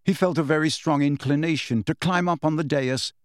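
A man narrating a storybook in an expressive, measured reading. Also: on the high side, no room sound, clean studio sound. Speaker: audiobook narrator.

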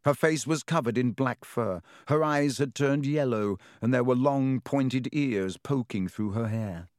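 A man narrates a storybook with a lively, varied reading. His voice sits at a middle pitch. The sound is close and dry, with no room around it. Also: unhurried, hardly any pauses, no room sound. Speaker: audiobook narrator. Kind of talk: scripted narration.

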